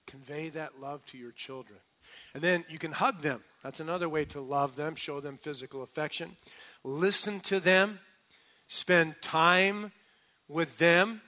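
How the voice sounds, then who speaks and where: An older male pastor preaches earnestly, urging loudly one moment and telling stories softly the next. His voice is bright and sits a little high for a man. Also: fairly even intonation, moderate pace. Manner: earnest, swings from loud exhortation to soft storytelling. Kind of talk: sermon.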